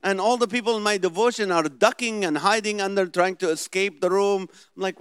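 A middle-aged man with a heavy Middle Eastern accent, telling comedic stories in an animated way and acting out the dialogue. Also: high-pitched, normal speed, few pauses, smooth, no room sound, clean studio sound. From Middle East. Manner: animated storytelling, acts out dialogue. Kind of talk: stand-up comedy set.

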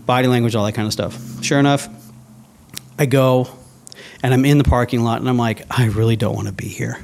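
A man's voice: medium pitch, a little fast, vocal fry, a little hiss or hum. Guy chatting in an interview, plain mid voice, telling a story and quoting himself with big jumps. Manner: animated, acts out his own past thoughts in quotes. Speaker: interview guest. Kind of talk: casual storytelling.

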